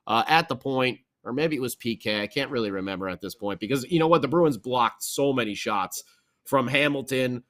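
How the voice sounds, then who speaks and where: A man co-hosting a podcast, recapping a hockey game in a casual, rambling and excitable way. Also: mid-range voice, fairly quick. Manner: excitable, rambling, animated storytelling. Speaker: podcast co-host.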